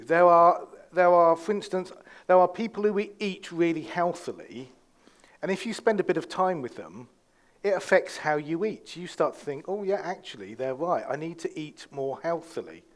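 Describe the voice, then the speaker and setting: A man giving a conversational sermon as pastor, with fillers and restarts. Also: high voice.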